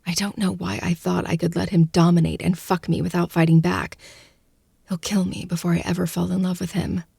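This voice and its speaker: A woman narrating a first-person audiobook close to the mic, in a hushed, breathy, intimate delivery that often drops to a whisper. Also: fairly low pitch, little pitch movement, brisk, no room sound.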